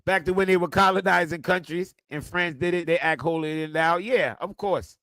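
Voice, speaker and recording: A man rants on a casual livestream, cursing freely and jumping from low mutters to loud outbursts. His voice sits very high for a man and sounds bright and sharp. It is close and dry, with no room sound. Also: moderate pace, no room sound. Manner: profane, animated ranting that swings loud and quiet. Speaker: streamer and football content creator.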